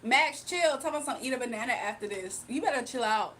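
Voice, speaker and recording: A woman's voice: on the high side, lively intonation, fast talker, a bit bright, recorded from a distance, slight background noise. A woman hosting a casual livestream, eating as she chats, laughing often and talking with her mouth full. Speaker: livestream host reading chat.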